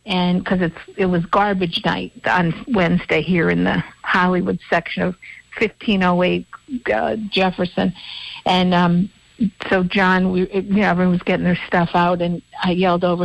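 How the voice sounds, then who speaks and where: A woman's voice: lowish voice, level tone, moderate pace, vocal fry, no room sound. Chatty woman radio co-host. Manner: chatty, rambling storyteller with many restarts. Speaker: co-host of a local radio talk show. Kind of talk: casual radio chat. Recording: dry, dull-sounding radio studio audio.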